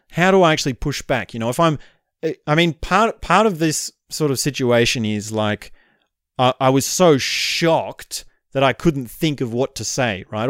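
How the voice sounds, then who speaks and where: A man muses aloud to his camera in a loose, rambling vlog, circling his thoughts and checking in with a "right?" every few lines. His voice is smooth and clear at an everyday middle pitch, and the camera mic picks it up dry, with no echo from the small room. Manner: reflective, rambling, animated, frequent "right?" asides. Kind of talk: casual vlog monologue to camera.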